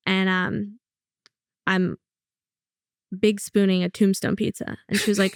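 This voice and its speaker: Candid young comedian, smooth voice. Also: female voice, mid-range voice, little pitch movement, dry recording, studio quality. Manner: candid, blunt storytelling with quick quoted asides. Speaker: comedian guest. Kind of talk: casual interview chat.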